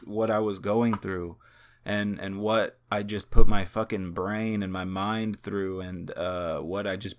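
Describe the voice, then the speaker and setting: A young man telling a personal story in a casual, rambling way, full of fillers and swearing, searching earnestly for words. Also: lowish voice. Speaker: vlogger.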